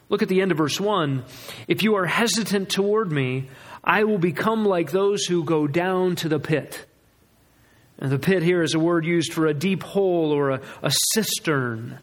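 High-voiced man preaching earnestly. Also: moderate pace. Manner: earnest, emphatic preaching with repeated restarts. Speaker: pastor. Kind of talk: sermon.

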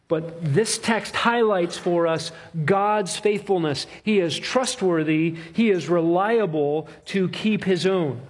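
A man preaching an expository sermon, emphatic, with rhythmic repetition and slow, stressed phrases. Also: sits high, husky.

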